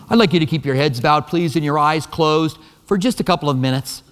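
Pastor preaching in a reverberant hall. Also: male voice, fairly high pitch, a little fast, few pauses. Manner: animated storytelling, shifting between soft and emphatic. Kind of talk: sermon.

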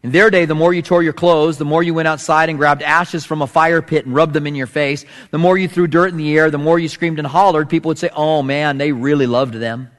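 Preacher man with a fairly high voice in a reverberant hall. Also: fairly even intonation, brisk, hardly any pauses, fairly bright tone. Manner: storytelling preacher, acts out voices with big swings in pitch. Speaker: pastor. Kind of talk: sermon.

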